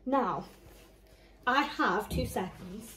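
Chatty woman, higher voice. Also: animated, extremely slow, a bit bright, low-quality recording. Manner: chatty, rambling, listing prices with small laughs. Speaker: mum and vlogger. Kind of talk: casual shopping haul chat.

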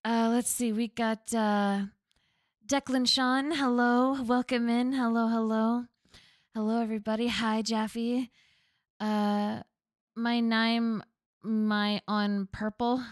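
A woman's voice: a little high, level tone, takes it slowly, no room sound, studio quality. A young woman streaming a game, chatting casually with her viewers, swearing freely and humming along to the game music. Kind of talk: casual live-stream chat while gaming. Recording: game music playing clearly behind.

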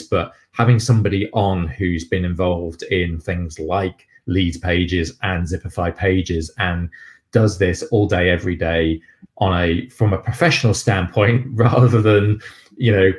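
A man with a very deep voice co-hosts a live show in easy chat. He talks in a halting way, full of ums and restarts, over a video call. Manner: hesitant, many fillers and restarts. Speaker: co-host.

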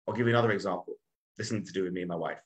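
Chatty English rabbi telling stories. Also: male voice, deep voice, racing, rough recording. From England. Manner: chatty, self-mocking, lots of "like". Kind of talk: humorous storytelling lesson.

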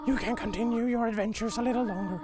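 Guy doing a slow gentle goat mom voice, caring but stern, game dialogue. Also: very high-pitched, steady tone, crowd noise, pitched above the performer's own voice. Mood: motherly.

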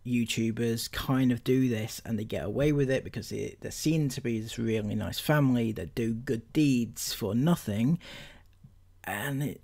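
A man hosts a commentary channel with an ordinary mid-range voice. He talks casually and critically, pausing often on ums as he works through his argument. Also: mid-range voice, darkish tone. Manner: critical, conversational, frequent ums.

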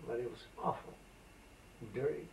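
In this oral history interview, a Macedonian man in his eighties reminisces through meandering anecdotes, leaning often on fillers as he chats. His voice is a little mellow and moves at normal speed. The tape catches him from a distance in a roomy space, with slight background noise.

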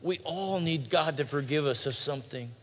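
A male pastor preaching a sermon in a large church, swinging between loud urgent pleading and quiet hushed lines. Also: on the high side, moderate pace. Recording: long hall reverb.

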